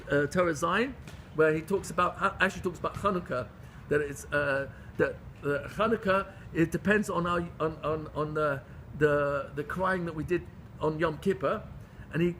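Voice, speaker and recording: Impassioned high-voiced male Torah teacher. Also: normal speed, fairly bright tone, slight background noise. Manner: impassioned, pleading, with frequent restarts; mixes Hebrew terms into English. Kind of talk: Torah class lecture.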